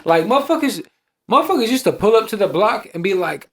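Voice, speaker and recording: Podcast guy, kinda high voice, slangy street stories, swears a lot. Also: very animated, quick pace, a bit bright. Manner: streetwise storytelling, acts out dialogue, frequent restarts and swearing. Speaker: podcast co-host. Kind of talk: casual chat.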